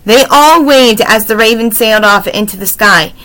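A woman reading a children's chapter book aloud, expressive, adding her own warm asides. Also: fairly high pitch, normal speed, poor audio. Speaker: storybook reader.

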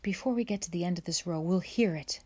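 A woman's voice: fairly low pitch, fast, darkish tone, close to an everyday voice. A woman reading aloud and voicing an earnest young farm boy in a raised, boyish voice. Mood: eager.

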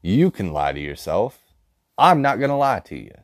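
A man's voice: fairly low pitch, big pitch swings, normal speed, no echo, clean studio sound. A man telling a story as an angry, blunt rant full of swearing. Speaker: vlogger.

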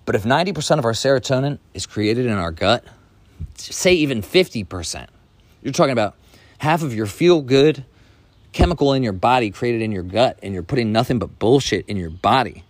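A man in his thirties rants into the mic on his podcast, swearing freely as he pushes listeners to get up and act. His voice sits at an ordinary middle pitch. The sound is dry and close, with no room behind it. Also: lively intonation, brisk, no echo. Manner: profane, blunt, fired-up preaching. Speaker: podcast host. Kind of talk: casual motivational rant.

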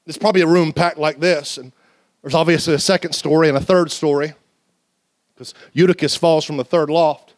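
This church sermon comes from a male pastor whose voice is fairly high. Animated and chatty, he weaves comic stories with sudden loud outbursts and slow, lingering emphasis. The sound has no echo.

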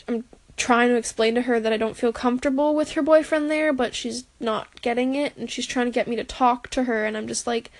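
Emotional young woman with halting speech. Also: fairly high pitch. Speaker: podcaster. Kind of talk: personal audio diary.

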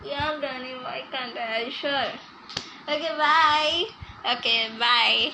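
A woman's voice: high voice, steady tone, slow, gravelly, background noise, exaggerated voice. Woman playing a gushing, tearful young guest. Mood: moved, grateful. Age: 20s. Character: emotional young guest, easily moved.

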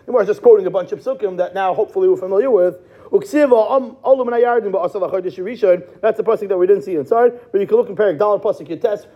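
High husky-voiced man teaching Talmud. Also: dull audio. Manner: mixes Hebrew and Aramaic quotes into English, chants texts, explains step by step. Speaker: Torah teacher. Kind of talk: Talmud class lecture.

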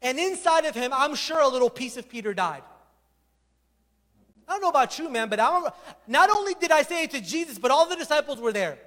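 A man preaching a sermon as a pastor, telling the story with animated energy and acting out the voices. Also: very high voice, fairly quick, long reverb tail.

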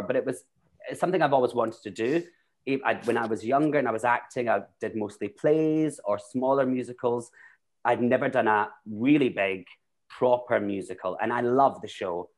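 A Scottish man, a drag performer and actor, talking casually and rambling through stories with many restarts. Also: medium pitch. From Scotland. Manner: chatty, rambling, with frequent restarts. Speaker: guest, drag queen and actor. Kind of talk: casual chat.

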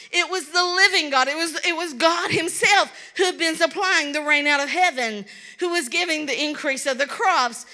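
A woman's voice: high-pitched, pushed and bright. A woman from Kentucky with a Kentucky accent, preaching an earnest, pleading sermon and repeating words for emphasis.

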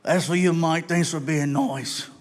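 A man putting on a friendly, drunk Australian knife maker with a raspy, slurred voice and an Australian accent. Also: on the high side, fairly even intonation, measured pace, lightly acted.

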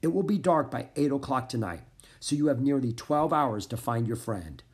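A man's voice: expressive, moderate pace, lightly acted. Grave commanding farmer, voiced by a man narrating a storybook. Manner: grave, commanding, booming at times. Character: grave older Frenchman, resistance farmer, gruff.

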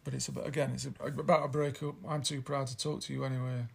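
A man's voice: medium pitch, flat delivery, fast talker, vocal fry, husky. A man hosting a casual album chat, rambling and hesitant as he reads out lyrics. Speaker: podcast host reviewing an album.

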